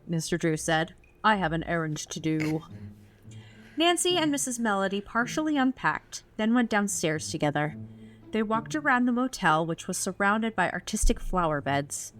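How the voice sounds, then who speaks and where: A woman's voice: medium pitch, fairly bright tone. A woman co-hosting a podcast, reading a novel aloud in a plain voice with chuckles between passages. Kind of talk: casual read-aloud with banter.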